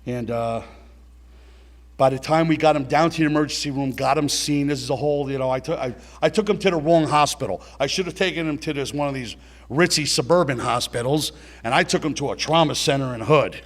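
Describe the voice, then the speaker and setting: A man's voice: a little high, brisk. A middle-aged man telling a blunt personal story at a recovery meeting, swearing and talking straight to his listeners.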